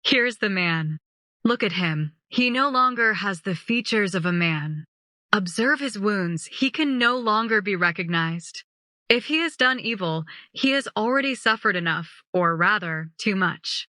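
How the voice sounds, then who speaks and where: Wavering roman governor pilate proclaiming, woman reading, bright voice. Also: mid-range voice, lively intonation, a little slow, no room sound, studio quality. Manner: loud public proclaiming. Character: Roman governor Pilate, grown man, irresolute.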